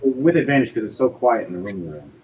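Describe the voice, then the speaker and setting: A man's voice: medium pitch, lively intonation, quick pace. A man narrating as game master in casual, profane table talk. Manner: casual, swears freely, voices figures briefly. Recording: slightly dull lo-fi audio, faint hiss.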